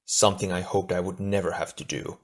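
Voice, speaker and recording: A man playing a grim, resolute fire warrior in an audiobook. The voice is low and solemn, the words measured and heavy. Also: fairly even intonation, darkish tone. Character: male fire hero leader, grim and resolute.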